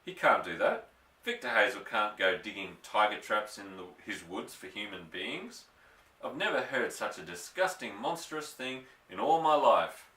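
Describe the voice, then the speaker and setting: Brief: fiery little old country doctor, indignant and excitable, bright tense voice, read by a man, echoey room off-mic. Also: normal speed, recorded from a distance. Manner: indignant, excitable, raised higher voice. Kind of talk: storybook reading aloud.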